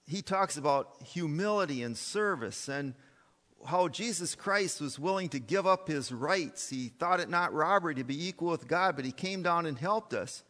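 A man's voice: on the high side, pushed and bright, in a large hall. A man preaching a sermon in an emphatic style, full of fillers and restarts, in a church. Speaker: pastor.

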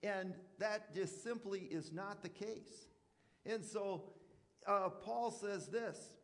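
A man's voice: high-pitched, in a large hall. A man preaching a sermon as a pastor, talking conversationally with rhetorical questions and acted-out asides.

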